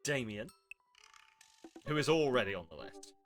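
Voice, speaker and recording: A man's voice: medium pitch, big pitch swings, moderate pace, a bit bright, faint music behind. A man streaming a game, reading its lines aloud and reacting with wry, sarcastic asides. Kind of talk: casual commentary while reading a game aloud.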